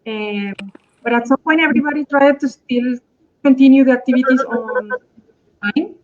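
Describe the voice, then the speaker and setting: A fairly high-voiced woman from Colombia speaks English with a strong Spanish accent, pausing and restarting often as she searches for words. Her voice comes through dull, lo-fi video call audio. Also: expressive. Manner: hesitant, many restarts and fillers. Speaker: guest dancer. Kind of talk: live online talk.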